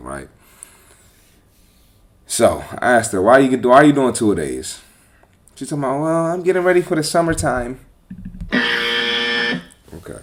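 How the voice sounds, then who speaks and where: In a low voice, a man who's a personal trainer runs his podcast as a loose, lively monologue. He talks bluntly and swears freely.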